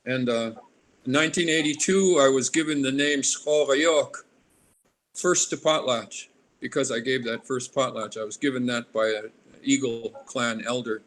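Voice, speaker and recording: Older guy in his 60s from alaska, chatty interview, keeps wandering off topic, mid-pitch voice. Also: normal speed, fairly bright tone, slight background noise. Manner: rambling, drifts off on tangents. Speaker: artist guest. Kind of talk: casual interview conversation.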